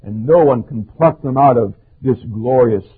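A man's voice: mid-range voice, measured pace, breathy edge. A man preaching a sermon, emphatic and stressing quoted verses. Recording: tinny phone-like recording.

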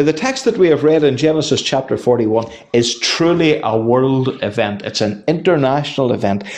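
Male pastor, mid-pitch voice, measured sermon delivery with restarts. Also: darkish tone. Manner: measured preaching, with restarts and fillers. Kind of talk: midweek Bible study sermon.

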